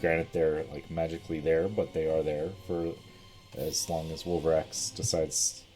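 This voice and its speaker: A man narrating as game master of a tabletop game in a relaxed, rambling way. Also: rumbling low, measured pace, faint music behind.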